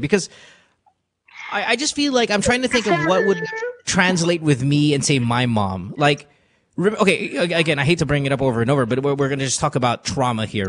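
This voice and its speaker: A man's voice: a little high, lively intonation, fairly quick, fairly bright tone, a little hiss or hum. A man hosting a call-in podcast from a studio, talking earnestly and confessionally, repeating himself as he gives advice. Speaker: podcast host. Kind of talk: emotional call-in advice talk. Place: radio studio.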